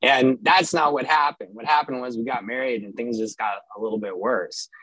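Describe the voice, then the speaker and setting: A man's voice: mid-range voice, moderate pace, crowd noise, low-quality recording. Wry man telling a candid story. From Southern California. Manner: wry, self-mocking, with frequent restarts and chuckles. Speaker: storyteller sharing personal recovery story.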